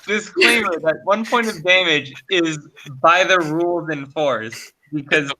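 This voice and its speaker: A man's voice: on the high side, measured pace, pushed and bright, low-quality recording. A man narrating a tabletop game as dungeon master, hesitant with many fillers.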